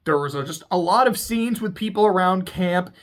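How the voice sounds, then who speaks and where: A speaker casually recapping a TV episode, excitable and profane, laughing often. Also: medium pitch, moderate pace. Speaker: TV show reviewer.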